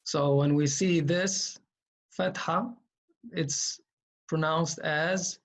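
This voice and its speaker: Slow, patient male Quran reading teacher. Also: fairly high pitch, steady tone. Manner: patient, repeats sounds, frequent fillers. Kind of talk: slow explanatory lesson.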